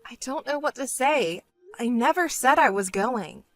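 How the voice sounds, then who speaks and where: A woman voicing a level-headed young woman who speaks in a cool, dry and curt way in an animated story. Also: high voice, normal speed, soft background music. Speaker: narrating protagonist.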